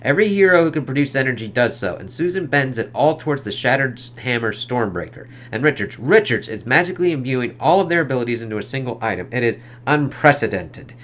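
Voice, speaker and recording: A man's voice: medium pitch, big pitch swings, fast, hardly any pauses, a bit bright. A man voicing an arrogant male armored tyrant sorcerer, reading his lines aloud in a haughty, declaiming tone. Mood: astonished.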